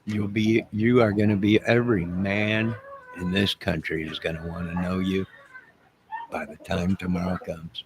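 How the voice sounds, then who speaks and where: A man's voice: low-pitched, fairly even intonation, normal speed, noisy background. A man ranting boastfully and mock-menacingly to his viewers in a drawling, rambling way. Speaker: online music and movie channel host. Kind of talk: rambling comic rant to viewers.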